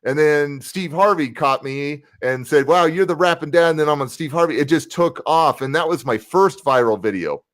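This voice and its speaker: A man's voice: on the high side, moderate pace, few pauses, a bit bright, no echo. A man from the United States, a motivational speaker and rapper, talking as a guest on a casual livestream interview over a video call. He stays upbeat and keeps greeting live viewers by name while he talks.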